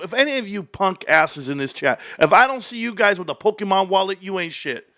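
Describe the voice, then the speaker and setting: Energetic male streamer, 30s, rambling and animated, bright tense tone. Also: a little fast, few pauses. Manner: hyped, rambling, loud swings, laughs often; lower storytelling mode. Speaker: stock livestream host. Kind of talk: excited livestream ranting.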